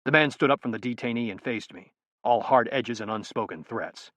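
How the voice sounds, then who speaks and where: A man's voice: medium pitch, brisk, a bit bright, no room sound. Man reading a thriller in first person. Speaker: audiobook narrator.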